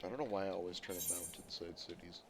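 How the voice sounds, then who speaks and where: A man's voice: deep voice, quick pace. A man streaming a game, chatting casually with self-deprecating asides into a desk mic. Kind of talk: casual gameplay commentary. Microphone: desk microphone. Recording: stream audio with game music. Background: game music clearly heard.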